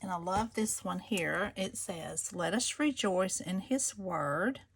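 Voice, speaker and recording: Chatty woman for a crafting vlog, gushing, with a gravelly fry in the voice. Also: medium pitch, slow pace, a little hiss or hum. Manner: gushing, chatty, addresses viewers as y'all. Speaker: craft seller showing planners. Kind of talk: casual show-and-tell vlog.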